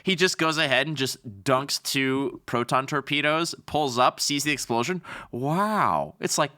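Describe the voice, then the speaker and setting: A man's voice: a little high, unhurried, sharp tone. A young adult man from Canada co-hosting a podcast, bantering and joking in casual chat. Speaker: podcast co-host.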